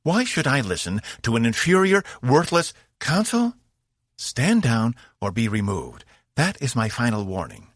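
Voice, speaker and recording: Male reader doing furious blue alien consul, woman, seething and commanding, raised pitch, dry close sound. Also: wildly swooping pitch, a little slow, no echo. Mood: contemptuous.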